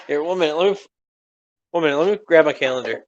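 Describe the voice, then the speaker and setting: A man's voice: fairly high pitch, fast, highs cut off, slight background noise. A young man co-hosting a podcast in casual chat, rambling and swearing freely, laughing often, his voice strained from screaming. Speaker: podcast co-host.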